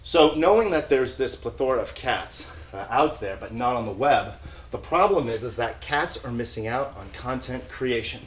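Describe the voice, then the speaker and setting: A man with a mid-range voice delivers an invented pitch in a deadpan corporate tone, with chuckles slipping through. The room gives his voice a noticeable echo. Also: moderate pace, a little hiss or hum. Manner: mock-earnest corporate tone with chuckles. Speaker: pitch presenter. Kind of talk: improvised comic pitch. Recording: echoey room.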